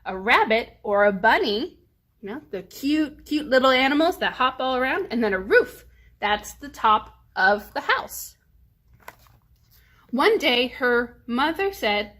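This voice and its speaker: Woman reading to children, slow, slightly high, emphasizes sounds. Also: animated, a bit bright. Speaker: children's librarian. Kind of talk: children's storytime read-aloud.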